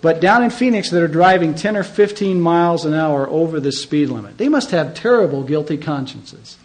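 A man's voice: on the high side, expressive, moderate pace, rough recording. A middle-aged man preaching a sermon as pastor, conversational and emphatic, often asking his listeners questions.

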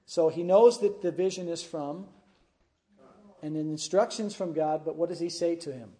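A man's voice: on the high side, moderate pace, mellow. A man, a pastor, preaching through a scripture passage and often checking in with his congregation with "huh?" and "right?". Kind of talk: expository sermon.

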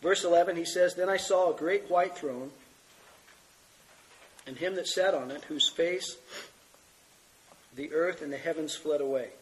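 Male pastor, middle-aged, earnest sermon reader, a bit high-pitched, has a cold. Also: measured pace, pauses often, rough recording. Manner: earnest, reads scripture aloud. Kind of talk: sermon teaching.

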